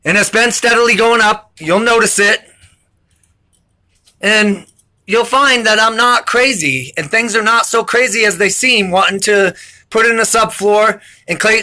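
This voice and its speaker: Intense high-voiced man, rambling monologue. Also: measured pace, bright, forceful tone. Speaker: vlogger.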